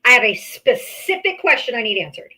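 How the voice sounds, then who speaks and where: A woman's voice: fairly high pitch, very animated, a little fast, bright, forceful tone, poor audio. A woman hosting a livestream call-in, arguing politics bluntly and with profanity, cutting in on her guest. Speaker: livestream host. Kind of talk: heated political call-in debate.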